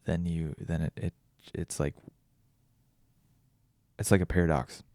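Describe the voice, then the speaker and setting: A man's voice: sits low, little pitch movement, measured pace, a little mellow, no echo. A tired man hosting a podcast alone, rambling and thinking aloud with many restarts. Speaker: podcast host. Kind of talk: casual solo reflection.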